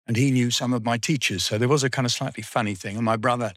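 A man's voice: medium pitch, fairly even intonation, fast, a bit bright, dry recording. An older man, telling school memories in a rambling, dryly funny way. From England. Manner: rambling storyteller, dry humour. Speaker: guest. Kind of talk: reminiscing interview.

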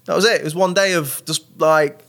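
A man, a podcast guest, speaks reflectively and grows animated when he tells stories. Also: a little high, brisk, creaky. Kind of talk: podcast interview.

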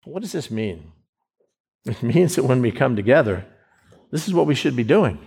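A man from the United States preaching a sermon as pastor, in a conversational style that swings between slow, emphatic phrases and quick asides. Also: medium pitch, sing-song, creaky, darkish tone, breathy edge.

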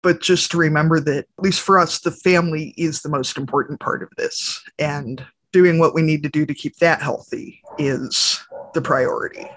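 A woman's voice: sits low, normal speed, no room sound. A woman co-hosting a podcast, telling candid, chatty stories about family life. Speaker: podcast co-host. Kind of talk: casual podcast conversation.

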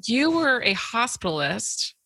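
A woman hosting a podcast, a nurse, chatting casually with her guest and listing colleagues quickly. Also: on the high side, big pitch swings, pushed and bright, husky.

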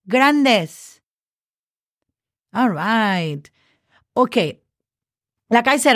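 A woman's voice: medium pitch, no room sound, clean studio sound. A woman hosting a casual podcast lesson, patiently spelling words letter by letter and often checking in with "okay". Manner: slows down for example sentences. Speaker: Spanish teacher podcast host.

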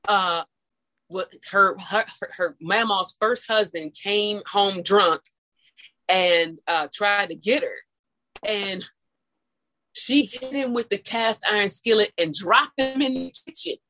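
A woman from St. Louis with a St. Louis accent, telling stories in casual chat, animated and laughing, with big leaps in pitch. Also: slow, poor audio. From St. Louis, USA. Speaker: storyteller guest.

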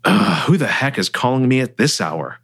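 A man's voice: mid-range voice, huge pitch swings, normal speed, gravelly, fairly bright tone, husky, heavily acted. A stressed male financial advisor with a tense, sarcastic edge, as a man reads him aloud. His voice rises and falls a lot as he pushes back. It is a storybook reading. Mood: annoyed. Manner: tense, sarcastic under strain.

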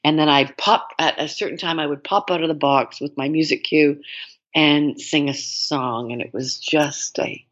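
An older woman from Canada, an actress guest telling stories in a chatty, animated way with frequent laughs. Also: sits low, normal speed, highs cut off. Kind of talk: casual interview chat.

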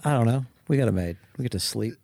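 A man trades quick, wry remarks in casual banter, talking fast with a lively, wide-ranging pitch. The sound is close and dry. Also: vocal fry, no echo. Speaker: comedian and co-host.

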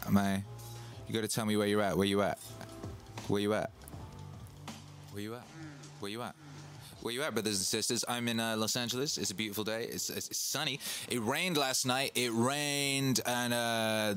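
A man hosting a casual livestream, hyped and boastful, repeating himself and giving shout-outs to viewers. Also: fairly low pitch. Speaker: livestream host and DJ. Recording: faint music in the background. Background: Christmas music playing.

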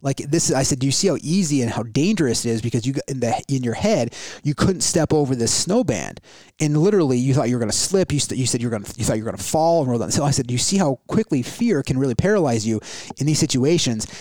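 A man in his thirties casually retelling an adventure story in a rambling, animated way, full of restarts. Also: mid-range voice, fast talker, dry recording. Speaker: guest telling a story.

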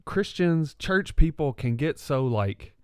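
A man's voice: fairly high pitch, lively intonation, slow pace, darkish tone, clear, resonant tone, no echo, clean studio sound. A man co-hosting a faith podcast, casual and encouraging, often agreeing and laughing. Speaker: podcast co-host. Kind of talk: casual chat.

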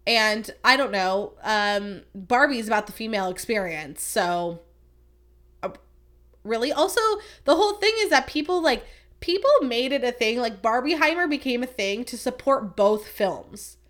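Chatty young-sounding woman, lively rant. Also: fairly high pitch, normal speed. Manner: chatty, filler-heavy "like" talk; animated, swings between excited and exasperated. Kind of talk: casual chat.

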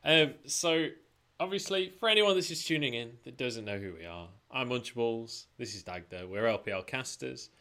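A man hosting a relaxed, jokey chat over drinks, talking chattily with plenty of fillers. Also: medium pitch, moderate pace. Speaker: podcast host and esports caster.

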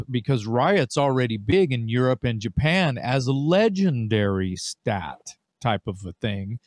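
A man's voice: medium pitch, big pitch swings, unhurried, few pauses, a little mellow. An enthusiastic man co-hosting a casual interview, swearing freely as he talks. The sound is dry and close, with no room echo. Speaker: co-host.

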